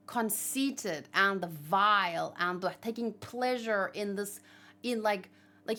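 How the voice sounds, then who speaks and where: A woman hosting a manga read-along, giving chatty and excitable commentary and swearing casually. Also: a little high.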